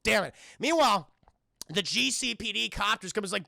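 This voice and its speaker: A man with a high, gravelly voice recaps a cartoon episode at a moderate pace on a live stream. The recording is dry and studio quality. He swears liberally and stays animated, performing the scenes in different voices.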